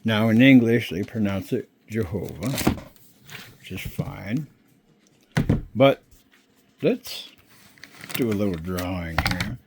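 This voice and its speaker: A man giving an informal Bible lesson, explaining slowly and checking in often with his listeners. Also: fairly low pitch, background noise. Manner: slow, unhurried explaining with frequent check-ins. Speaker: Bible teacher. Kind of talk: informal screen-share teaching.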